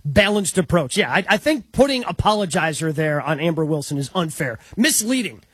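A man co-hosting a sports talk show, measured and a little hesitant as he starts his points. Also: fairly high pitch, sing-song, husky, no echo.

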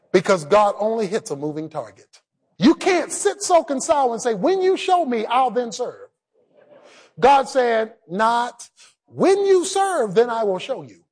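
A male pastor preaching a sermon, driving his points with shouted emphasis and getting the congregation to repeat lines back to each other. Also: very high-pitched, breathy edge.

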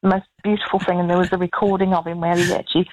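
A woman's voice: lowish voice, level tone, rapid-fire, no echo. A woman in her sixties calling a radio show, hesitant and fond. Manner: warm, hesitant with ums. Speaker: caller. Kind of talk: phone-in chat. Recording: slightly dull phone line.

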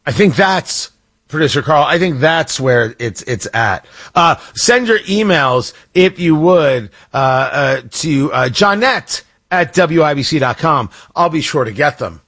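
Husky, animated talk radio man. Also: fairly high pitch, unhurried. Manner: sarcastic, animated, rambling asides. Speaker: radio talk show host. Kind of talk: opinionated talk radio commentary. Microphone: studio microphone.

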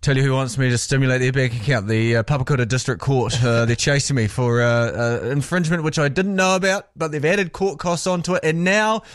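A man's voice: medium pitch, a little fast, hardly any pauses, no echo, studio quality. A man with a New Zealand accent hosting breakfast radio, rambling and joking. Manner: jokey, rambling, says bloody a lot. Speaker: radio host. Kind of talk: casual radio banter.

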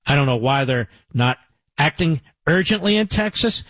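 Guy on talk radio, husky voice, dry studio sound, keeps hammering the point. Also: a little high, expressive, normal speed, fairly bright tone, no echo, low-quality recording. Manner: emphatic, repetitive, rising indignation. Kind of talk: opinionated radio commentary. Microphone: studio microphone.

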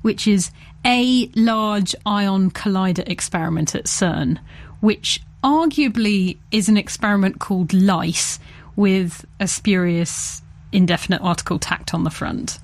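A woman hosting a casual science chat, playful and chatty, quick to laugh and joke. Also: mid-range voice. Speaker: podcast host.

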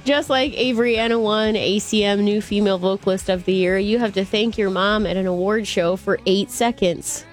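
A woman's voice: mid-range voice, moderate pace, hardly any pauses, soft background music. Bubbly woman presenting a morning show. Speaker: show host.

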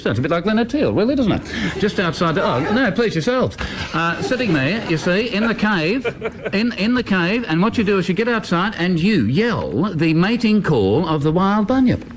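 A man's voice: high-pitched, very animated, moderate pace. A man on radio, spinning a long joke and laughing as he tells it. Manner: laughs through his story, does loud woo calls. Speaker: radio guest telling a joke. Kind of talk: yarn-spinning joke telling.

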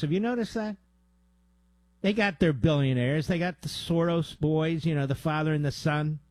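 A male talk radio host with a voice pitched a bit higher than most men. He talks in a combative, mocking monologue full of sarcastic jabs. The sound is dry and close, with no room around it. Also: no echo. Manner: mocking asides to his producer.

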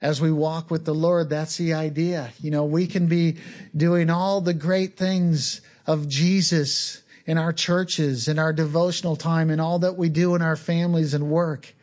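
A man preaching an earnest, unhurried sermon, sometimes repeating words as he teaches. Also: fairly high pitch, flat delivery, a little mellow. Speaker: pastor.

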